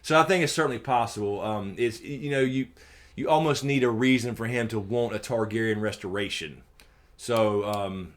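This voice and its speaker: Hosting a laid-back live stream, a Southern American man reads out questions from viewers and responds to each. His language is full of swearing, and his delivery lurches from quiet muttering to loud, lively outbursts.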